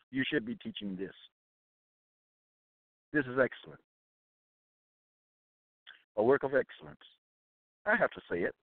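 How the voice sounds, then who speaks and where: A man's voice: mid-range voice, dry recording. A man giving an emphatic, preaching-style monologue as an author and Bible commentator, insistent and repetitive. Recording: dry, phone-like narrow sound.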